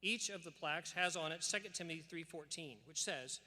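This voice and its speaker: A forceful, bright male voice, fairly high in pitch, moves briskly with hardly any pauses through an emphatic commencement address. He reads scripture in a preacherly cadence, and the big church hall where he speaks adds long reverb.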